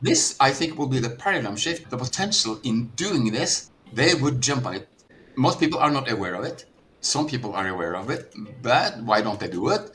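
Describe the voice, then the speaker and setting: A man's voice: mid-range voice, very animated, moderate pace, fairly bright tone, slight background noise. A middle-aged man from Norway, a business coach, talking earnestly in a podcast conversation and often repeating words as he starts a thought.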